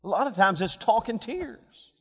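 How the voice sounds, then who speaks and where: A man preaching a sermon as a pastor, swinging between hushed, quiet passages and louder emphatic ones. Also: high voice, animated, normal speed, slightly rough, in a large hall. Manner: dynamic preaching, dropping to hushed tones and rising for emphasis.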